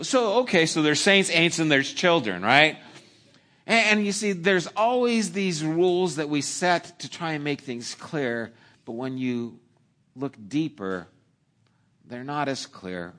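A male pastor delivering a sermon, telling a childhood story in an animated, humorous way with asides to the congregation. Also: fairly high pitch, a little slow.

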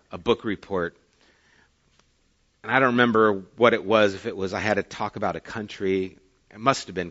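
A man preaching a sermon as pastor, telling stories and swinging between loud emphatic lines and quiet, low ones. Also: lo-fi sound.

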